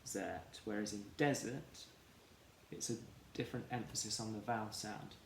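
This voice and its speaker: A man teaching a children's phonics lesson, sounding out words slowly and clearly, syllable by syllable. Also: lowish voice, a little hiss or hum. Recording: echoey room with faint ambience.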